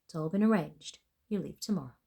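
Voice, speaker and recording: A woman's voice: fairly low pitch, brisk, creaky, mellow, slightly rough. A woman voicing a blunt, caring female friend and boss who pushes hard and talks matter-of-factly. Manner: pushy, insistent, matter-of-fact.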